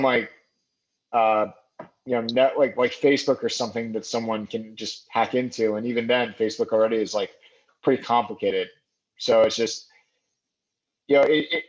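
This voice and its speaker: Man, podcast guest, hesitant, lots of fillers and restarts, middle pitch, muffled remote call audio. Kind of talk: casual conversation.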